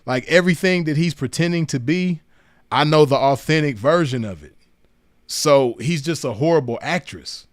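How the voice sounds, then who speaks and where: A man's voice: on the high side, moderate pace, no room sound, clean studio sound. A man from Los Angeles County with a Southern California accent, hosting casual reaction commentary in a mocking tone and laughing often. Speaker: commentary host reacting to clips.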